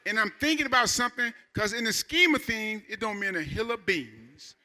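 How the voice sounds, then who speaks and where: A man in his fifties preaching a Sunday sermon in an animated, conversational way, building to shouts. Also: high voice, normal speed. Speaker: pastor.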